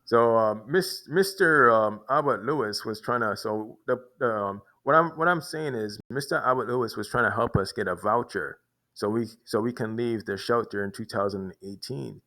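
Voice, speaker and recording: A man's voice: medium pitch, moderate pace, pushed and bright. A man telling a long personal story in a rambling way, restarting and repeating words often. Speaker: vlogger. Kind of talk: casual storytelling monologue.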